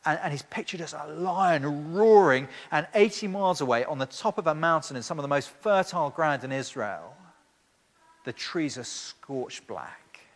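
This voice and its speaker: A man's voice: fairly high pitch, lively intonation, normal speed. A man preaching a sermon with emphatic rhetorical questions and frequent restarts. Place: church hall. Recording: long church reverb.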